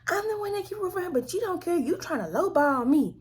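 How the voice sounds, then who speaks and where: Woman doing a shrill, sobbing hysterical sister. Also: lively intonation, fast. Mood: frantic. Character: frantic younger sister, adult woman, hysterical.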